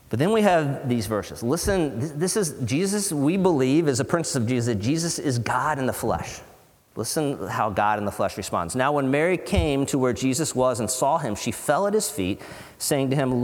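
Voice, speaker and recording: Male pastor, sermon, earnest conversational delivery, mid-pitched voice, long hall reverb. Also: lively intonation, a little mellow. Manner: earnest, conversational, with dramatic pauses and voiced quotes. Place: church hall.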